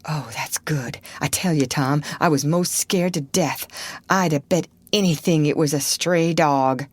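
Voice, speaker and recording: A woman's voice: low-pitched, a little slow, no echo. A woman voicing a frightened, superstitious ragged country boy who talks in a rustic drawl. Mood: scared. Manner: rustic drawling dialect, ain't and reckon.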